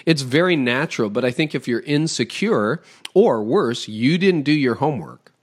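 A middle-aged man from Toronto, a pastor talking on a podcast in an animated, emphatic way, giving practical advice in quick lists. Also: medium pitch, husky. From Toronto, Canada. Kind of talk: conversational podcast interview.

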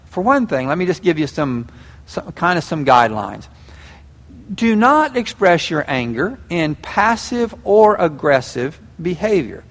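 A man preaching a sermon, folksy and animated, acting out little scenes. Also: fairly high pitch, creaky. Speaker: pastor. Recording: long hall reverb.

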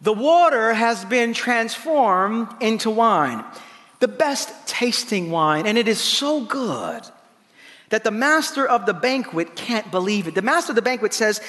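A male pastor preaching a sermon in an animated, playful way, acting out the lines he quotes. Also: sits high, a little slow. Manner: animated, playful preaching with laughs and voiced asides. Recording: long hall reverb.

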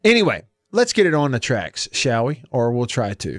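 A man's voice: medium pitch, huge pitch swings, moderate pace, hardly any pauses, a bit bright, dry recording. A man hosting a talk radio show from a studio, rambling chattily and reading live ads. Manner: rambling, chatty, self-interrupting. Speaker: radio sports show host.

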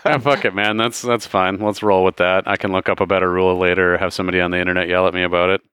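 A low-voiced man with a smooth, clean tone runs a tabletop game as game master. He makes rulings in a loose, joking way. The sound is dry and close, with faint music behind. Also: very fast, dry recording. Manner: casual, joking, relaxed rulings.

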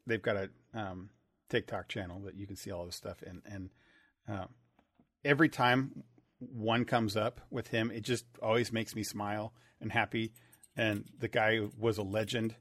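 A man's voice: on the low side, level tone, moderate pace, a bit bright, dry recording. A man chatting casually as a podcast co-host. He stumbles and restarts his words often, circling back to finish a thought. The sound is dry and close to the mic. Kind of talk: casual chat.

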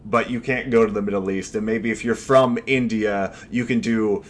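A man's voice: fairly low pitch, fairly even intonation, moderate pace, a little hiss or hum. A man co-hosting a casual movie review chat, thinking aloud and rambling with lots of filler words. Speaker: podcast co-host.

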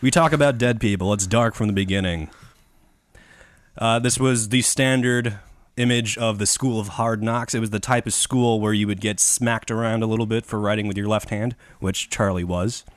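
A man's voice: fairly low pitch, steady tone, moderate pace, dry recording, studio quality. A man with a Chicago accent hosting a podcast, telling a history story from notes in a crude, irreverent, laughing way. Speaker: podcast host. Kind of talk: casual chat reading from notes.

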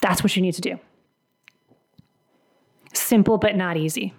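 A woman's voice: on the low side, unhurried, vocal fry. A woman giving a motivational career-coaching podcast monologue, earnest and emphatic, acting out bits of dialogue along the way.

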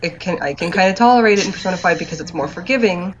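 A woman's voice: fairly low pitch, racing, crowd noise. A young woman co-hosting a casual podcast, grumbling with self-mocking humor about saving in video games. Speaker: podcast co-host. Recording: dull lo-fi mic with faint noise.

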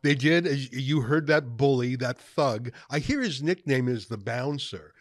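A man's voice: mid-range voice, moderate pace, no room sound, studio quality. A male host giving emphatic, combative commentary while interviewing a guest, chuckling at times.

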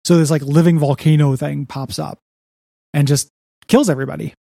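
A man's voice: fairly high pitch, fairly even intonation, fairly quick, vocal fry, dark tone, dry recording, studio quality. A man co-hosting a podcast, recapping a comic book in casual, rambling chat full of "you know" and "like". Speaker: podcast co-host.

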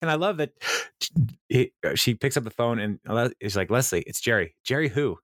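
A man's voice: medium pitch, animated, fairly quick, a bit bright, no echo, clean studio sound. A man co-hosting a podcast, retelling a show's scenes in a rambling way, quoting characters, with many fillers. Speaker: podcast co-host. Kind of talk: casual episode recap.

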